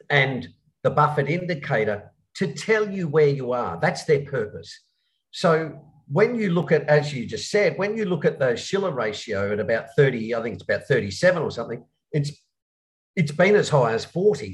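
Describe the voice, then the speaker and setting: A man taking questions about markets, laying out his points patiently. He teaches investing, and his talk is full of pauses and restarted phrases as he works through each idea. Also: medium pitch, poor audio. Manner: explanatory, frequent hesitations and restarts. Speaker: investment educator. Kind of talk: interview answers on markets.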